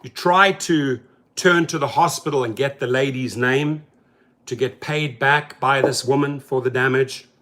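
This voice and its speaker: A man's voice: mid-range voice, a little slow. A man hosting a rideshare channel, talking casually and animatedly about a news story and acting out the people in it. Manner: animated, talks to viewers as "bro", acts out quotes.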